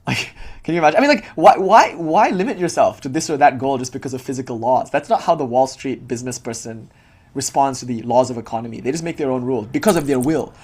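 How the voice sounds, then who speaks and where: A man leads a loose, conversational spiritual talk for his students. He talks quickly and his voice has a husky edge. He keeps dropping in "like" and laughs often. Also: medium pitch, lively intonation, darkish tone. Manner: casual, heavy with filler "like", frequent laughter. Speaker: spiritual teacher. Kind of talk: informal dharma talk to students.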